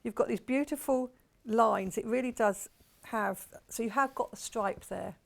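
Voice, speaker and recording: On a live shopping channel broadcast, a woman from the United Kingdom raves about every fabric in a chatty, excited sales pitch. Her voice is fairly high-pitched and creaky, delivered at a measured pace.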